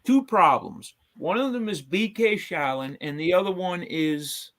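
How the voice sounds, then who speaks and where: Man, host, casual stream chat, slightly high voice, rambling, lots of fillers. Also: animated, measured pace, fairly bright tone. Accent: New York.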